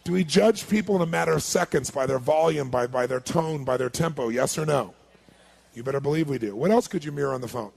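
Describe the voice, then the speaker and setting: A man giving an energetic seminar talk, firing questions at a live audience. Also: on the high side, fast, vocal fry, husky. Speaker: motivational speaker.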